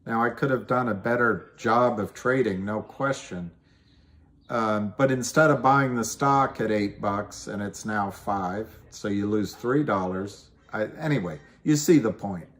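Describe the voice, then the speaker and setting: A man's voice: on the low side, unhurried, fairly bright tone. A middle-aged man hosting a casual livestream, rambling and self-deprecating as he talks through trades and answers viewer comments. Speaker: livestream host. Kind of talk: casual livestream chat about stocks.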